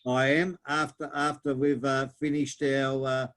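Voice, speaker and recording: A man's voice: mid-range voice, level tone, measured pace, a bit bright. A man co-hosting a casual betting tips chat, dry and laid-back, laughing along with his partner. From Australia. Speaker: podcast co-host.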